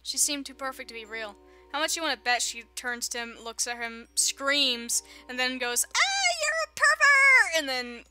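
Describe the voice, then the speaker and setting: Bright-voiced woman reading, laughing. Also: a little high, fairly even intonation, moderate pace, soft background music. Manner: laughs often, teasing sarcastic asides. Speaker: gamer reading a visual novel aloud. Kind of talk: reading game text aloud with joking commentary.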